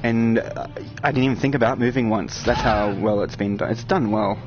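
A man giving excited live-stream commentary on a VR shooter, chatting with viewers and breaking into loud outbursts. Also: on the low side, moderate pace. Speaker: VR game streamer. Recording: dull lo-fi stream audio with game music and gunfire. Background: game music and gunfire.

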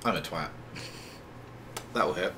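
A man running a tabletop game as game master over online voice chat, matter-of-fact and quick to mock himself. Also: low voice, background noise.

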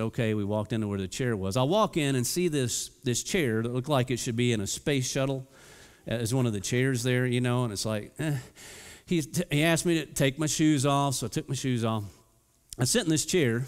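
Man, pastor, storytelling sermon, playful, acts out quotes, mid pitch, long church reverb. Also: clean tone. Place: church sanctuary.

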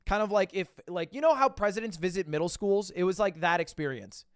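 A man's voice: sits high, fairly quick, clear, resonant tone, no room sound, clean studio sound. A young man streaming, telling a rambling story to his chat with lots of restarts and swearing.

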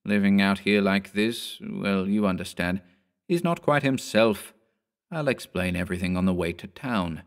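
A man doing a smoothly polite sinister man. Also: sits low. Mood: condescending. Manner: polite, measured and condescending.

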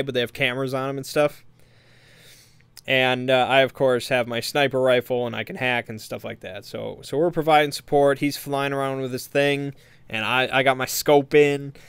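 Smooth-voiced man recapping a game session. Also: mid-range voice, no echo. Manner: meandering, hesitant, amused storytelling. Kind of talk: casual spoken recap.

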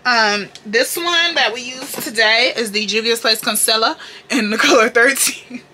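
A young woman from the Carolinas with a Southern accent talks through her makeup routine like she's chatting with friends. Her tone is bright and forward, full of sass, slang and cheerful swearing. She sounds close to the mic in a room at home. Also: on the high side, normal speed, a little hiss or hum. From North Carolina, US. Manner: sassy, profane, playful slang. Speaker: beauty vlogger. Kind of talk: casual makeup tutorial chat.

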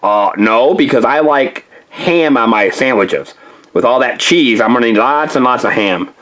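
A man voicing a hungry, slow-witted male bulldog pup in a toy play-along story, with a husky, rambling drawl. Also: mid-range voice, expressive, fairly bright tone, pitched below the performer's own voice, close to an everyday voice, rough recording.

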